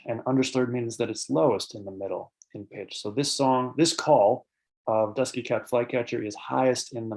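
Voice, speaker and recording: A man's voice: mid-range voice, darkish tone. A man giving a lecture on bird sounds at an online conference, explaining terms with frequent fillers and answering audience questions between points. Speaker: birding author and presenter.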